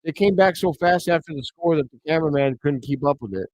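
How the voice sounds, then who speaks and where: A man hosting a live reaction stream, calling the action play by play and bursting into excited shouts on big plays. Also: a little high, quick pace, no room sound. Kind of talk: play-by-play commentary. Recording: dry, slightly dull home mic.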